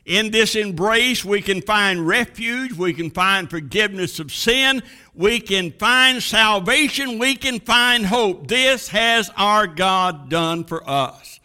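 A man preaching a sermon with a dramatic cadence, rising to booming lines and dropping to a hush. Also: expressive, slow.

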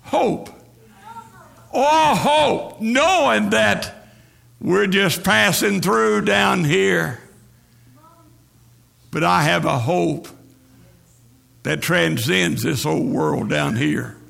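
A man preaching with a high, heavily gravelly voice that has a sharp, bright edge. He speaks slowly, stretching out phrases and repeating refrains in a rolling preacher's cadence. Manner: rhythmic, repetitive preaching cadence. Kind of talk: sermon.

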